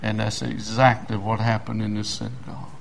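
An older man, a pastor preaching a sermon in a folksy way, with loud shouted passages and quiet asides. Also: lowish voice, flat delivery, fairly quick, gravelly, a little hiss or hum.

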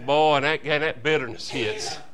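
Male preacher, fervent folksy sermon delivery, forceful and ringing. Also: on the high side, steady tone, normal speed. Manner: fervent, folksy, calls to the congregation. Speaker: visiting preacher. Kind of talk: revival sermon.

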